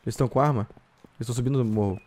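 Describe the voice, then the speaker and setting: A Brazilian man with a Brazilian Portuguese accent, excitedly chatting and shouting with other players during an online survival game. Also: medium pitch, racing. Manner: loud, excitable, shouts and laughs, switches between Portuguese and English. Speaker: gameplay streamer. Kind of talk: excited multiplayer game chat.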